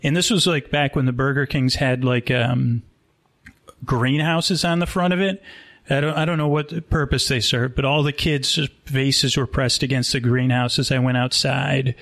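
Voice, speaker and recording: A man telling an improvised comic story at a live show, rambling and deadpan, with many restarts. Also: medium pitch, moderate pace. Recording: rough live show audio.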